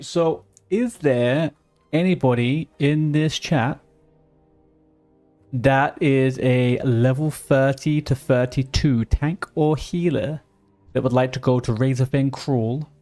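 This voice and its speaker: A man's voice: medium pitch, steady tone, slow pace, a little mellow, faint music behind. A man live-streaming a game in casual commentary, rambling and muttering to himself with mild swearing and humming.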